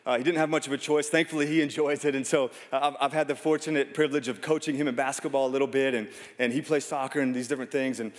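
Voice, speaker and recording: A man's voice: mid-range voice, steady tone, fast, few pauses. A man in his thirties preaching a sermon, telling stories in a conversational way with self-deprecating humor. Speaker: pastor. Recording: long reverb of a large hall.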